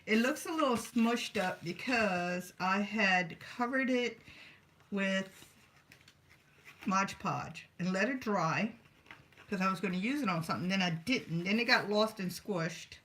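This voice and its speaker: A woman's voice: medium pitch, lively intonation, measured pace, fairly bright tone. A woman talking casually as she works on art journals at her craft table, rambling and talking to herself as she goes. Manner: rambling, chatty, talks to herself while working. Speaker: craft vlogger.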